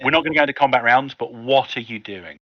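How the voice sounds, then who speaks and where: A man's voice: medium pitch, no room sound, dull audio. A man running a tabletop game as game master, narrating scenes with frequent ums. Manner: descriptive, unhurried with fillers.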